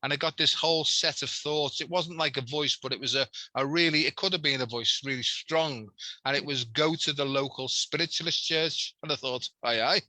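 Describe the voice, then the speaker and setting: Bright-voiced Liverpool man, animated storyteller. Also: a little high, fairly quick, no echo, low-quality recording. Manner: animated storyteller, chatty asides. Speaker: guest, healer. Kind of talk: casual chat.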